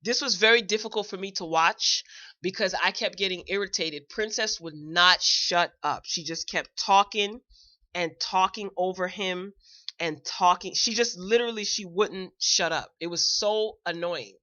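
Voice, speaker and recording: A woman's voice: medium pitch, moderate pace, pushed and bright, lo-fi sound. A woman hosting a show, giving a chatty, opinionated recap in a casual, blunt way. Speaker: show host reviewing a celebrity video.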